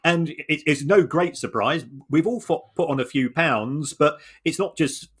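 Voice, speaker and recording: A man co-hosting a podcast, explaining points in a measured way with frequent restarts and repeated words. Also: on the high side, a bit bright, husky. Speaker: podcast co-host. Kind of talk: conversational analysis.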